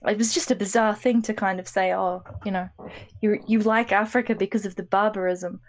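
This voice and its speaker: A woman's voice: mid-range voice, steady tone, fairly quick. A woman co-hosting a casual discussion podcast, talking with a wry, quipping manner. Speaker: podcast co-host.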